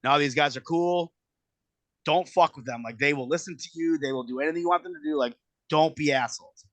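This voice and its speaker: A man in his thirties telling a casual story, animated and profane, acting out quotes in exaggerated voices. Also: on the high side, fairly quick, no room sound. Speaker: podcast guest telling a wrestling story.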